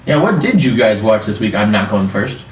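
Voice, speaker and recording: A man's voice: on the low side, sing-song, a little fast. A man co-hosting a podcast in casual, joking chat. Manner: joking, swears freely. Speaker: podcast co-host. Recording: echoey room, distant mic, faint noise.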